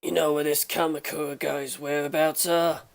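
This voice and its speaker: An uneasy, puzzled teenage boy asks his questions in a low, subdued voice, as a woman reads him. He talks quietly and sounds wary throughout. The reading comes from a fan audiobook. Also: level tone, moderate pace, gravelly.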